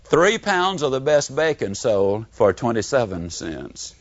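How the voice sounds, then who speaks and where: Medium in pitch and measured in pace, this older Mississippi man uses his Southern accent to give a motivational speech. The lo-fi audio is dull but free of echo, and he tells animated, folksy tales with humor and performed quotes.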